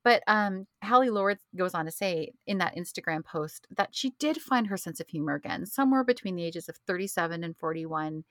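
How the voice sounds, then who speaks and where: Bright chatty woman co-host, animated, laughs a lot, dry close sound. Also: fairly low pitch, brisk, few pauses, no echo. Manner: animated storyteller, laughs often. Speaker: podcast co-host. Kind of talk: casual chat.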